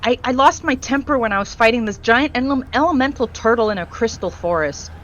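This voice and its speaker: A woman's voice: fairly high pitch, a little fast, a bit bright, lo-fi sound, slight background noise. A woman co-streaming a game who talks in a blunt, casual way and swears freely. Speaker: co-streamer reading chat. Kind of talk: casual live-stream chat.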